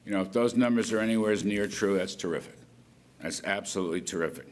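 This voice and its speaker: An older man working as a government economic official gives an off-the-cuff policy speech in a conference hall at an event. His voice is on the low side and fast, and he rambles with folksy asides.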